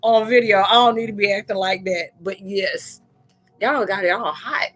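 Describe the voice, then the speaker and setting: A young adult woman hosting a casual live-stream chat, telling animated stories and laughing often. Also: medium pitch, normal speed, faint music behind. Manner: laughs often, tells animated stories, talks loosely and playfully.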